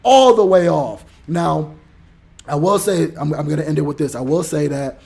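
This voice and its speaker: A man with a gravelly, slightly husky voice pitched on the high side tells a story as a heated rant. He acts out quoted people, jumping from loud outbursts to low, mumbled asides. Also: normal speed. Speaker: motivational podcaster.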